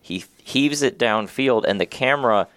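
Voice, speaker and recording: A man's voice: mid-range voice, normal speed, no room sound. A man co-hosting a casual sports talk show, retelling game moments and weighing a coaching hire. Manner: storytelling, animated when retelling plays. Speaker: podcast co-host.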